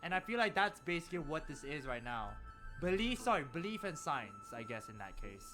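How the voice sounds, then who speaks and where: A man's voice: fairly high pitch, fairly quick, music in the background. A young man, chatting animatedly while streaming a game. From Malaysia. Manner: chatty, animated, laughs often. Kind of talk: casual gameplay commentary.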